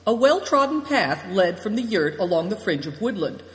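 A narrator giving a steady audiobook reading. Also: medium pitch, moderate pace. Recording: echoey room with long reverb.

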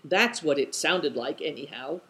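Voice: medium pitch, unhurried, a bit bright, voice pushed down, natural voice. A reader voicing a hearty cheerful man. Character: cheerful, easygoing adult man, bold and sociable. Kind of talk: storybook character voice.

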